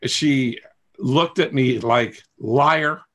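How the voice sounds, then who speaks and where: A man's voice: mid-range voice, measured pace, creaky, a bit bright, breathy edge. A man hosting a coaching session, talking to a group in a candid, rambling way with self-deprecating humor. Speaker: coach and host.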